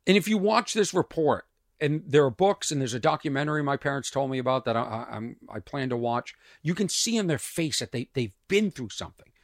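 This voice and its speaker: Reflective podcast host, dry close sound. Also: male voice, mid-range voice, expressive, no room sound. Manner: halting, reflective, with restarts. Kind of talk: casual commentary on a news clip.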